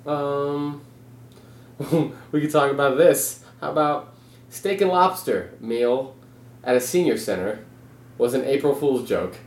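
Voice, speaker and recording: Young guy riffing deadpan nonsense w a buddy, mid pitch, roomy echo. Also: slow. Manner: joking, deadpan absurd tangents. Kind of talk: casual comedic chat.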